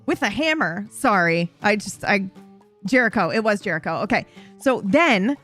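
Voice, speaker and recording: A woman's voice: mid-range voice, animated, moderate pace, a bit bright, soft background music. A woman casually recapping a roleplay story, rambling, swearing and correcting herself as she goes. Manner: rambling, profane, self-correcting.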